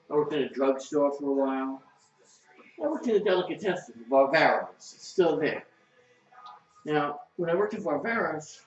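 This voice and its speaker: Blunt, profane New man, echoey. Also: a little high. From outside New York City. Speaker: cooking show host. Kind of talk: casual cooking demo with political rant. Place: home kitchen, indoors. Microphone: webcam. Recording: echoey, distant, muffled, faint music.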